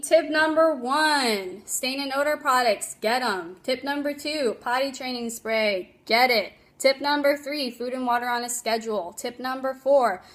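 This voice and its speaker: Chatty, fairly high-voiced woman giving tips. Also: fairly bright tone. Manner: chatty, laughs often, emphatic. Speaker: dog trainer. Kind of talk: casual livestream tips. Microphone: phone livestream.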